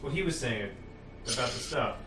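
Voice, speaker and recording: A man playing a game with friends, teasing them with quick comebacks. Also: mid-range voice, expressive. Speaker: player. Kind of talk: casual gaming chat. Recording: distant echoey mic with hiss.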